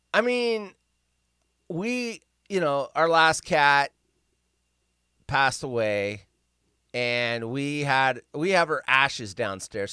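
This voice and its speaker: A man hosting a casual livestream, rambling and sarcastic as he reacts in disbelief. His voice sits a touch high and swings widely in pitch. It is smooth and clear, recorded close and dry. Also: bright, forceful tone, no echo. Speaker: livestream host.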